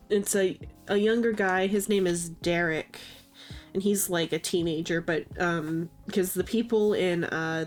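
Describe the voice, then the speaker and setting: Congested woman streamer, low voice. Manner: rambling, heavy with filler words. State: congested, sniffling. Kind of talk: casual chat on a live stream. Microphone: desk microphone, mutes to sniffle.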